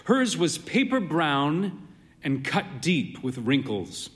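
A man's voice: fairly high pitch, big pitch swings, slow, fairly bright tone. A man narrating a story as a weary, wry pub keeper. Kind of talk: storytelling reading. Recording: long hall reverb.

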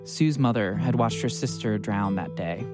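A man narrating a radio documentary in a calm, steady scripted voice. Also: fairly low pitch, moderate pace. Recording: music playing under the voice.

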